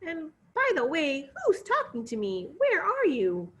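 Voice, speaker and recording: A woman's voice: high-pitched, wildly swooping pitch, measured pace, fairly bright tone, pitched above the performer's own voice, exaggerated voice. A woman putting on a squealing spoiled princess. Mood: puzzled. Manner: squealing, dramatic. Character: whiny spoiled young princess.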